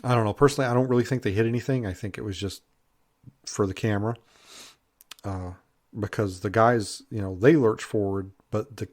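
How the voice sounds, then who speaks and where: A man's voice: on the low side, steady tone, fairly quick. A man in casual, rambling commentary with lots of fillers, sounding a little congested. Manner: rambling, many fillers, laughs at own jokes. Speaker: Bigfoot researcher reviewing a TV show.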